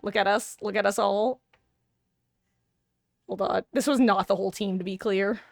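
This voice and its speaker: A woman's voice: medium pitch, steady tone, normal speed, vocal fry. A young woman streaming live, chatting casually and self-deprecatingly with her viewers.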